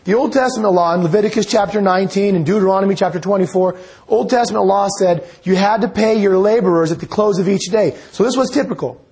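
A man preaching a sermon, reading scripture aloud and explaining it in an earnest, measured teaching manner. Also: high-pitched, darkish tone, breathy edge.

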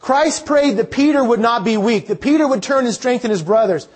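Preacher, male, fairly high voice, earnest sermon delivery with many questions to the congregation. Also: lively intonation, brisk. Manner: earnest, repeats rhetorical questions.

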